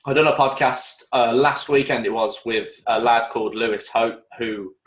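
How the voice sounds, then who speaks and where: A man's voice: mid-range voice, moderate pace, a bit bright. A male podcast host in casual chat, giving short, supportive replies. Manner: supportive, brief backchannels. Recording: echoey room.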